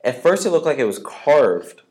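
A man's voice: a little high, very animated, normal speed, a little mellow. Agreeable man chiming in. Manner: agreeable, chimes in with short yeses and laughs. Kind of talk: casual chat.

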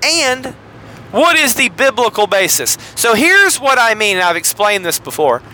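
A man's voice: sits high, sing-song, a little slow, pushed and bright. A man hosting a solo podcast from a car, talking in a rambling, jokey way full of asides. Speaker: podcast host.

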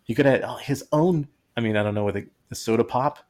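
A man's voice: mid-range voice, a little fast, a little mellow. A man co-hosting a podcast in casual, joking chat, rambling and acting out quotes in silly voices. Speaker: podcast co-host.

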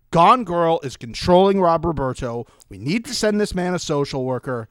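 A young man co-hosts a chatty reality-TV podcast, throwing in mock-dramatic asides. His voice sits a touch high and swings widely in pitch. The mic is close and dry. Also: lively intonation, normal speed, clear, resonant tone, no room sound. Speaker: podcast co-host. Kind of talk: casual podcast banter.

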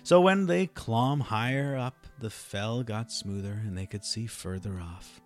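A man reading a fairy tale aloud in an expressive, dramatic manner. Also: fairly low pitch, measured pace, faint music behind. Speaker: storyteller.

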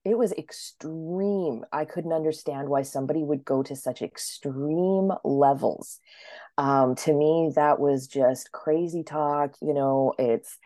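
A woman in her thirties with a low, mellow voice. She tells her story casually as a guest, often breaking into acted-out quotes. The sound is dry and close. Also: measured pace, no echo. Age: 30s. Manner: chatty, acts out quotes with sudden high-pitched voices. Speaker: interview guest.

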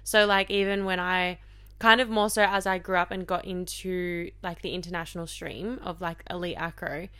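A young woman talks candidly in casual podcast chat, with lots of fillers. Her voice sits on the low side, and the sound is dry and close. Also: fairly even intonation, normal speed, sharp tone, no room sound. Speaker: podcast co-host.

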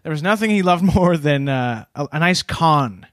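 Casting: male podcast host, slightly high voice, chatty and laughing as he goes, dry close sound. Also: expressive, moderate pace, no room sound. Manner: chatty, laughs between points, loose with fillers. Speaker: podcast co-host presenting research. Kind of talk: casual storytelling podcast chat.

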